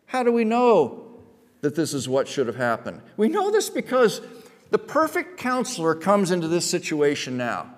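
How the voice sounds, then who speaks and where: A male pastor preaching a sermon. He moves from quiet storytelling to loud, emphatic preaching. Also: high voice, wildly swooping pitch, normal speed, big-room sound.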